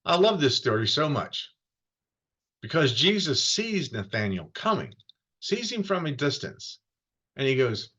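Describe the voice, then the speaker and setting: A male pastor from Florida giving a conversational sermon, telling the story in a lively way and acting out the quoted voices. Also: a little high, unhurried, husky, lo-fi sound.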